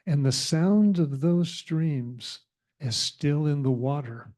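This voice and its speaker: A wise, calm storybook cat, voiced by a man, speaking in a slow, mellow tone that soothes rather than commands. Every word is patient and unhurried, like a kind guide offering help. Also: on the high side. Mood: soothing.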